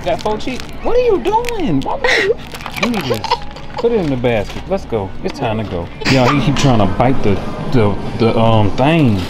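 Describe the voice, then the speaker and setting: A man's voice: medium pitch, wildly swooping pitch, normal speed. A man vlogging while shopping with a toddler, exasperated and playfully scolding. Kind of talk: casual vlog talk. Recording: loud music playing behind.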